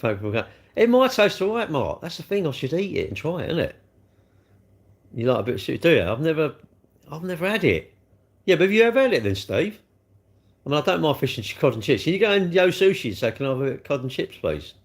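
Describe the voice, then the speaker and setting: An older man, hosting a casual livestream, chatting in a rambling, blunt way while he answers viewer comments. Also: medium pitch. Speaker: livestream host.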